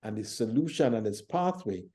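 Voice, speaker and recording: A man hosting a faith talk show, teaching and telling stories in a thoughtful, measured way. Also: lowish voice, animated, warm tone. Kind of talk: reflective conversational teaching.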